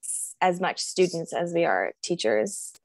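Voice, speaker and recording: A woman's voice: lowish voice, sing-song, measured pace, creaky, no echo. A woman guest on a podcast interview, talking in a rambling, reflective way with many fillers. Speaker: guest, body acceptance coach.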